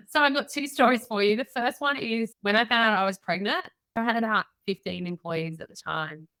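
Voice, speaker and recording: A woman's voice: on the high side, moderate pace, no room sound. A middle-aged Australian woman, a guest entrepreneur on a podcast, telling candid stories and acting out the voices of people in them. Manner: candid, animated storyteller acting out quoted voices. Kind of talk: podcast interview storytelling.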